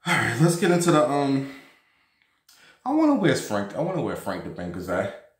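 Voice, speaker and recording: With a medium pitch but huge pitch swings, a man in his thirties hosting a vlog talks at normal speed in a roomy-sounding space. He's casually telling a story and gossiping, swearing and using lots of fillers along the way.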